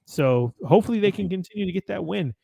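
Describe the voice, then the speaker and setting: A man's voice: high-pitched, lively intonation, quick pace, vocal fry, dark tone, dry recording. Chatty American man reading match recaps. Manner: chatty, self-correcting, reads from notes. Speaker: podcast host.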